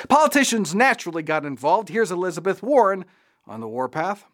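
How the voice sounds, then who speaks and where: A man's voice: high voice, sing-song, a little fast, fairly bright tone. A man hosting a podcast, giving sarcastic political commentary with mocking asides. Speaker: podcast host.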